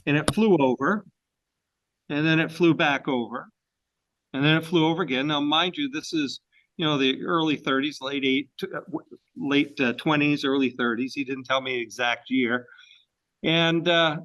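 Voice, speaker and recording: A man's voice: on the high side, fairly bright tone, low-quality recording. A man from Maine giving a storytelling history presentation to a club, folksy and full of fillers and restarts.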